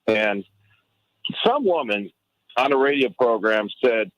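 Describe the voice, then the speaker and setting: Halting middle-aged man on a dull line. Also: a little high, dry recording. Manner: halting, restarts often, grows excited. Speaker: radio show guest. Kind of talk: call-in radio talk. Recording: dull dry radio line.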